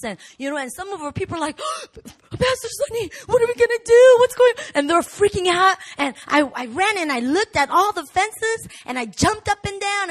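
A woman pastor preaching a sermon, animated and rising to shouts in the swells of her message. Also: sits high. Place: church hall.

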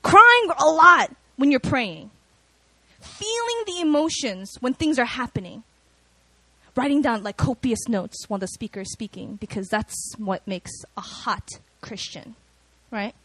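A woman delivers a sermon mixed with personal stories, her voice pitched high and very lively in range. She talks casually and expressively, with plenty of fillers. The sound is dry and close. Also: measured pace, slightly rough, dry recording. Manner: animated, expressive, conversational with many fillers. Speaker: preacher.

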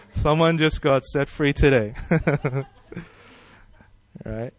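A man's voice: medium pitch, drawn-out words. A man preaching a sermon in a friendly, conversational way, praying and asking the congregation questions. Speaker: pastor.

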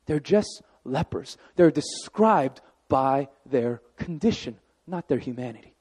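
A man preaching a sermon as pastor, animated and conversational, with asides to the congregation. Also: medium pitch, unhurried, breathy edge, big-room sound.

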